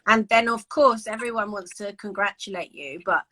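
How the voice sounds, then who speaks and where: A woman's voice: mid-range voice, moderate pace, pushed and bright, low-quality recording. A young woman co-hosting a casual podcast chat, candid and swearing freely. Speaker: podcast co-host, bikini bodybuilder.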